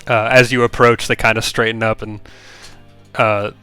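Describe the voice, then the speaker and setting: A man narrating a tabletop role-playing game as game master, describing scenes with many pauses. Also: fairly low pitch, little pitch movement, sharp tone, clean tone, faint music behind. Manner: descriptive, with frequent filler pauses.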